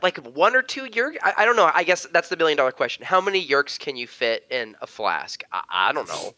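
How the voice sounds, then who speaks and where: An American man co-hosting a casual watch-along chat, joking and firing off quick questions. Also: a little high, big pitch swings, pushed and bright, dry recording. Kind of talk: casual chat reacting to a TV episode.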